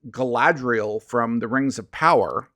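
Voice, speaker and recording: A laid-back man talking films with his co-host, often agreeing with quick fillers along the way. His voice sits at an ordinary pitch for a man. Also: sharp tone. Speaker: podcast co-host. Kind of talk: casual chat about movies.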